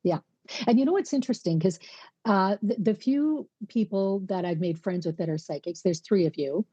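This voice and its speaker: A woman's voice: mid-range voice, moderate pace, warm tone, husky, no echo, dull audio. A woman co-hosting a podcast in casual conversation, affirming her guest and asking follow-up questions. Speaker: podcast co-host.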